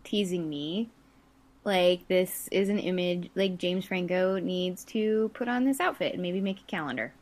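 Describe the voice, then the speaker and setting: A woman's voice: lowish voice, unhurried. A woman co-hosting a comedy podcast, telling stories in a rambling way full of fillers. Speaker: podcast co-host.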